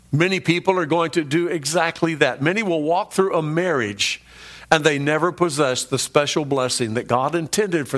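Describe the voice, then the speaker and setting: A man's fairly high voice carries this sermon. He preaches with emphatic swells and sudden low drops, and turns often to ask his listeners direct questions. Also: a bit bright. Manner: emphatic, swings between rising peaks and low drops; conversational asides to the congregation. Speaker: pastor.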